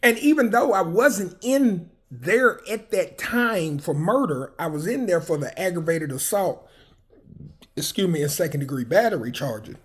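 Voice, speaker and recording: A man from Arkansas, casually telling personal stories in a flamboyant, animated, profane way. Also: sits high, a little slow, husky. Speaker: vlogger.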